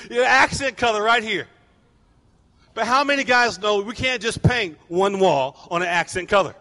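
A pastor preaching a sermon, telling stories animatedly and acting out people's voices. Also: male voice, high-pitched, lively intonation, moderate pace, pushed and bright, big-room sound.

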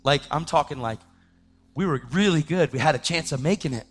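A man preaching his testimony in a dramatic storytelling style, swinging between loud outbursts and hushed tones. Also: fairly high pitch, a little fast. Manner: acts out the voices of people in his story. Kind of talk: testimony sermon.

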